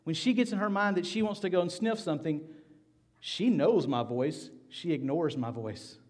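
A middle-aged man preaching a sermon, rising loud for scripture reading and dropping to soft, hushed appeals. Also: fairly high pitch, animated, moderate pace. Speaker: pastor.

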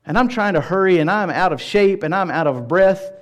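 Homme pasteur du Tennessee, voix aiguë. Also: male voice, high voice, animated, fairly quick. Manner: storytelling, self-deprecating, emphatic repetition. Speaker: pastor. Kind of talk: sermon.

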